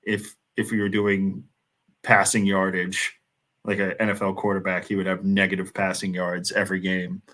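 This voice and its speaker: American man, very low voice, casual watchalong banter, frequent laughs. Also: completely flat delivery, normal speed, fairly bright tone. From United States. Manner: laughs often, loose rambling banter. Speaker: watchalong co-host. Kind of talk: casual match commentary chat.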